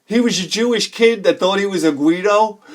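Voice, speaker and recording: High-voiced excitable storyteller man. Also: measured pace. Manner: rambling, excitable, laughs often, acts out quoted people. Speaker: video game collector vlogger. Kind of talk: casual storytelling while showing games.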